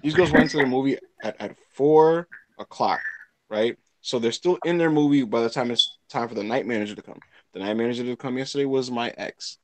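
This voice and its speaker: A man's voice: medium pitch, a little fast. A young man hosting a casual comedy chat, telling stories animatedly and acting out what people said. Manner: animated storyteller, acts out quotes, laughs loudly. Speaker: podcast host.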